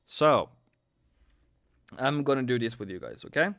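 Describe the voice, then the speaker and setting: A man's voice: medium pitch, animated, unhurried, a bit bright, no echo, clean studio sound. A trading educator, a tired man, doing casual live chart commentary and chanting buy and sell calls. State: worn out.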